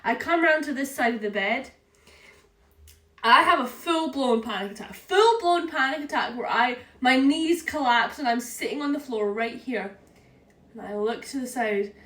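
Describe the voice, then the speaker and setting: A young woman telling a story in a casual vlog, chatty and animated, with lots of "like" and "right?". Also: sits high, moderate pace. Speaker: vlogger. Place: room at home. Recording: echoey room, a bit far from the mic.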